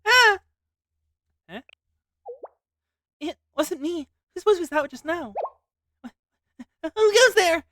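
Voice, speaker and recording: A woman streamer reading game dialogue aloud in an expressive way. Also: very high-pitched, slow pace, long pauses, dry recording, studio quality.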